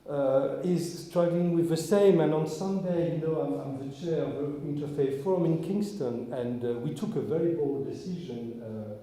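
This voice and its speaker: A man's voice: on the high side, moderate pace, hardly any pauses, dark tone. Man, rabbi, informal sermon, earnest, searching, echoey synagogue hall. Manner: earnest, searching, with frequent restarts. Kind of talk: informal sermon talk with the congregation. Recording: echoey hall, long reverb.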